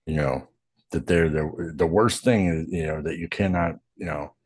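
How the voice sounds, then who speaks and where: Man, low voice, husky, casual co-host, short replies. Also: normal speed, darkish tone. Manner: brief backchannel replies, laughs along. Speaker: podcast co-host. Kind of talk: casual chat.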